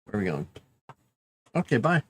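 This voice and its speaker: A middle-aged man chatting casually while writing, often talking softly to his cats. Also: fairly low pitch, big pitch swings, moderate pace, a little hiss or hum. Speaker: writer streaming his work.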